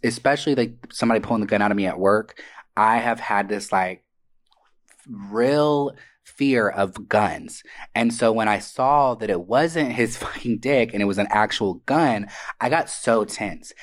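Profane, animated man telling stories. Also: on the low side. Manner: animated, profane, acts out quoted voices. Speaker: podcast co-host. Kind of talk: casual storytelling. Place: Atlanta area.

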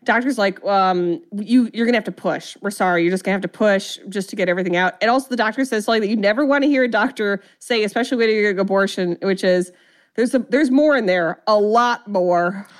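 Talking fast in a mid-range voice, a podcast co-host recaps a movie in casual chat. She retells the plot with animation and voices the characters' lines herself.

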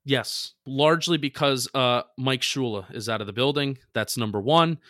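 A man's voice: medium pitch, normal speed, fairly bright tone, dry recording, clean studio sound. A man hosting a casual sports podcast, rambling and poking fun at himself. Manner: rambling, self-deprecating, trips over words. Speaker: podcast host.

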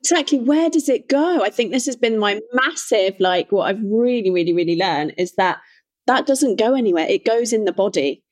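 A woman hosts a podcast interview, speaking in a reflective, emphatic manner. She brings the ease of a trained coach. Her voice sits in an ordinary middle pitch. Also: lively intonation, moderate pace. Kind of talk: conversational interview.

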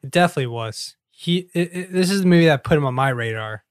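A man co-hosting a podcast, relaxed and laid-back in casual chat about films. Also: a little high, fast, no echo, clean studio sound. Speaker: podcast co-host. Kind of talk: casual film-discussion chat.

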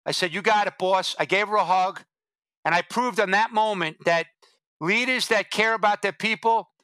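Middle-aged male guest, fiery anecdote teller, voices others' lines, forceful tone, very dry close sound. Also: high-pitched, moderate pace, no echo. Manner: animated and blunt, acts out quoted dialogue. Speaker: podcast guest, former drug agent. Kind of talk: anecdotal storytelling in a podcast interview.

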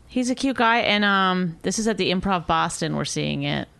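A woman's voice: lowish voice, lively intonation, normal speed, creaky, pushed and bright, clear, resonant tone. A woman co-hosting a show, arguing in casual banter, swearing freely and using lots of fillers. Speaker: co-host reacting to a comedy clip.

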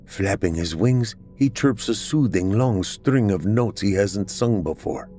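A man narrating a dramatic story in the first person, with expressive, emotional delivery. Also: on the low side, a little slow, hardly any pauses, soft background music.

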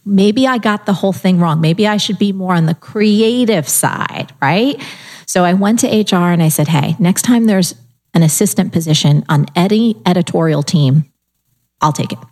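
A middle-aged woman telling her life story in casual conversation, animated, acting out her own inner voice and the people she quotes. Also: on the low side, normal speed.

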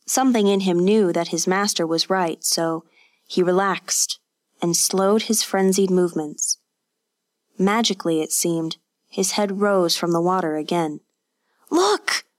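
A woman narrating a scripted story in a measured, vivid reading. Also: lowish voice, fairly even intonation.

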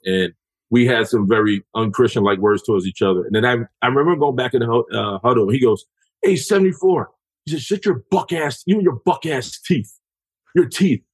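Husky man, ex-lineman, profane, lively storyteller; dry studio sound. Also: medium pitch, no room sound, rough recording. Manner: animated storyteller, profane, acts out voices. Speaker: podcast guest, former NFL lineman. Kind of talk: casual storytelling chat.

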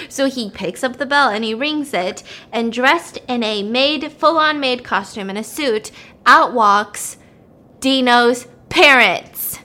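Young female host, high-pitched, animated casual storyteller. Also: measured pace. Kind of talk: casual chat while baking.

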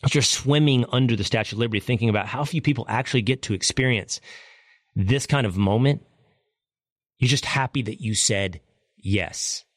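A middle-aged man hosts a talk show and tells a story in an animated, joking manner. His voice sits at an ordinary pitch for a man. The recording is dry, with no room sound. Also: normal speed, dry recording. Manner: animated, jokey storytelling with impressions. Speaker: podcast host. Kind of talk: storytelling monologue.

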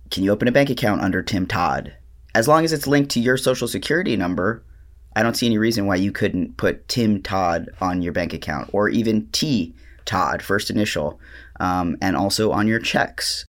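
A trans podcast co-host talking casually, hesitant and stammery with lots of fillers. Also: male voice, lowish voice, a bit bright. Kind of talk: casual chat and monologue.

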